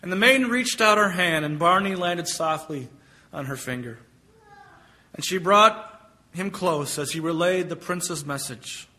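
Male preacher, high voice, emphatic delivery with drawn-out contrasts. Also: sharp tone. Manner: emphatic, stretches key phrases. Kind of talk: sermon with storytelling.

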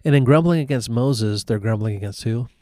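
A man's voice: medium pitch, a little fast, a little mellow, dry recording, clean studio sound. A man teaching from the Bible in a casual conversation. He retells the stories and acts out the quotes, with many fillers. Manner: storytelling with acted-out quotes, frequent fillers.

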